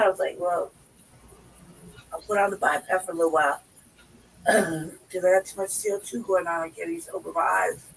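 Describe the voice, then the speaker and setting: A sick woman in pain who keeps coughing, talking in a quiet, half-whispered, rambling way as a guest on a talk stream. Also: fairly low pitch, creaky, breathy edge, recorded from a distance, low-quality recording.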